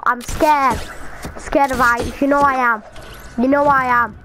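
A young woman chatting casually while playing an online game, excitable and jumpy, with squealing reactions. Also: sits high, a little slow, slight background noise, rough recording. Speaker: gamer. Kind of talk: casual gaming chat.

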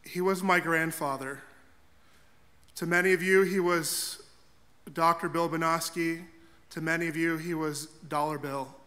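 A man's voice: a little high, fairly even intonation, unhurried, bright, forceful tone. A young man, a Catholic priest, giving an earnest, heartfelt eulogy for his grandfather in a church. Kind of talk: funeral eulogy.

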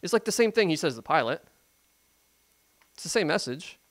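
Male pastor, conversational sermon delivery, emphatic, fairly high voice. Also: very animated, moderate pace. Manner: conversational, emphatic, rhetorical questions.

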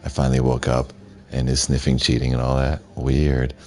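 A man streaming a video game, reading the dialogue aloud in a flat voice and adding his own casual asides. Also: rumbling low, normal speed. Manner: reads the subtitles aloud flatly, with asides.

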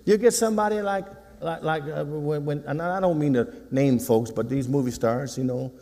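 A man's voice: a little high, normal speed, warm tone. Teasing preacher man in a reverberant church. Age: 60s. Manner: folksy, teasing preaching with call-and-response. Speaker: pastor. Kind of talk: sermon. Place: church sanctuary. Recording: long hall reverb.

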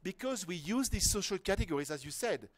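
A man's voice: sits high, lively intonation, brisk, dry recording. A man giving an informal lecture to a workshop class, talking casually with restarts and asides. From France. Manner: conversational, rambling with restarts and rhetorical questions.

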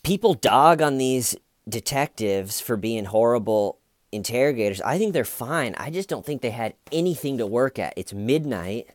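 A man's voice: mid-range voice, expressive, normal speed, no room sound. A man casually commenting on a true crime case in a chatty, sarcastic, rambling way.

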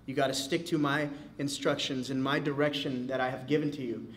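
A man voicing God, quiet and firm. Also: medium pitch, little pitch movement, a little fast, a little hiss or hum, natural voice. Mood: gently firm. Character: God speaking, calm firm fatherly male.

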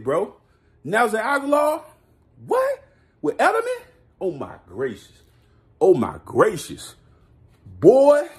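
An excitable man delivering a sports hot-take rant, boastful and full of street slang. His voice sits high for a man and leaps around the scale as he gets worked up, and he laughs often between his claims. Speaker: vlogger.

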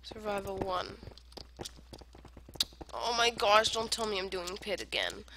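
Slow, rambling woman gamer in noisy recording. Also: medium pitch, sing-song. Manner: rambling, silly self-talk, argues with herself; jumps between whispered asides and loud outbursts. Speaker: gamer playing online survival matches. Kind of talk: casual gameplay commentary. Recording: noisy home recording with clicks.

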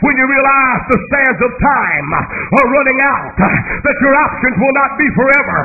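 High-pitched shouting preacher, tinny sound. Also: male voice, expressive, normal speed, few pauses, soft background music. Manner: rhythmic chanting cadence with shouted cries and whoops; drops to low murmurs between shouted runs. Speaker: minister. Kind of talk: fiery holiness sermon. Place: church service with congregation. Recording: tinny phone-like sound with faint noise.

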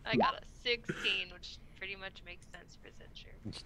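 A woman's voice: medium pitch, normal speed, a crowd in the background. A woman playing in a tabletop role-playing game, teasing the others and giggling often. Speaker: player.

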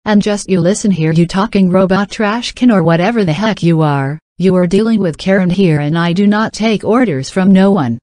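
A woman's voice: mid-range voice, normal speed, few pauses, darkish tone, no echo, lightly acted. Woman playing an entitled, scolding complainer. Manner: indignant, demanding, scolding. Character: entitled, pushy middle-aged woman, always complaining.

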